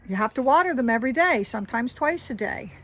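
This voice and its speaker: A woman's voice: fairly high pitch, expressive, quick pace, a bit bright, poor audio. A woman with a South Jersey accent giving a casual walking tour of her suburban garden, chatty and enthusiastic as she points things out.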